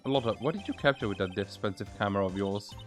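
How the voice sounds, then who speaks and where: A man voicing a brash young female photographer in a courtroom game, speaking with a put-on drawl in a loud, folksy, blustering way. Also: fairly low pitch, lively intonation, fast, faint music behind, voice pushed down, natural voice.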